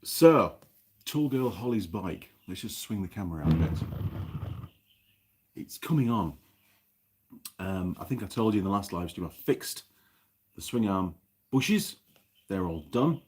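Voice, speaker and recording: A middle-aged man with a New Zealand accent talks through a casual workshop live stream, rambling between viewer comments and bits of mechanical know-how. His voice sits low and has a husky edge. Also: animated, a little slow, pauses often, a little mellow. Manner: rambling, chatty, reads viewer comments aloud. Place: home workshop.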